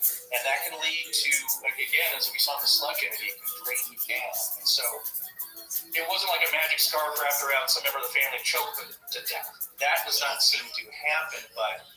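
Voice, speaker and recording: Male podcast host, casual rambling delivery, bright voice, distant from the mic. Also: a little high, fairly even intonation, brisk, roomy sound, soft background music. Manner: rambling, full of fillers and restarts. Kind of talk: casual chat.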